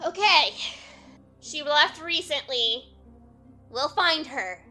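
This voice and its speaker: Woman player, high lively voice, bright, brisk and determined. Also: soft background music. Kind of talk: casual tabletop play.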